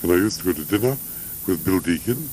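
A man's voice: low voice, animated, fast, a little mellow, a little hiss or hum, rough recording. An older man from Russia, reminiscing in a rambling, anecdotal way in an interview, full of asides. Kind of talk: reminiscing conversation.

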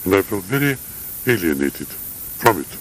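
An older man in a reflective interview, speaking in a measured, halting way with frequent pauses and fillers. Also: deep voice, very animated, a bit bright, poor audio. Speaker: interviewee, academic.

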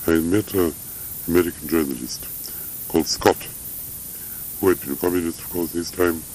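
A man's voice: low-pitched, fairly even intonation, normal speed, darkish tone, slight background noise, low-quality recording. An older man from Russia, reminiscing in a rambling, anecdotal way in an interview, full of asides. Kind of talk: reminiscing conversation.

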